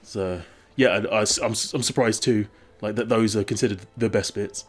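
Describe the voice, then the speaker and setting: Chatty English gamer, rambling and self-mocking. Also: male voice, lowish voice, steady tone, normal speed. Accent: southern English. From English Midlands. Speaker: gaming YouTuber. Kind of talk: casual let's-play commentary.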